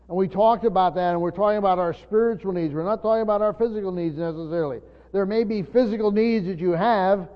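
High-voiced man preaching in a big echoing hall. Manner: earnest teaching tone, addresses the congregation directly. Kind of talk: sermon. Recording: dull lo-fi sound with long reverb of a large hall.

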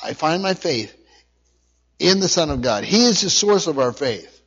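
A man's voice: fairly high pitch, sing-song, normal speed, a bit bright, husky. A man preaching a sermon, reading scripture aloud and repeating key phrases earnestly. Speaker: pastor. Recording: dull lo-fi recording.

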